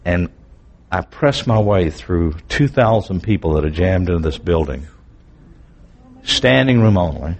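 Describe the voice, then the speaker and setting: Male preacher, husky lowish voice, earnest vivid testimony. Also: animated, normal speed, darkish tone, dull audio. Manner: earnest, vivid storytelling with candid asides. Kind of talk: personal testimony in a sermon.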